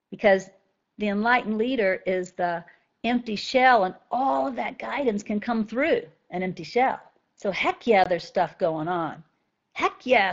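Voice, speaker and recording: A woman's voice: mid-range voice, dull audio. A woman spiritual teacher talking conversationally to a group of students and often checking in with "right?".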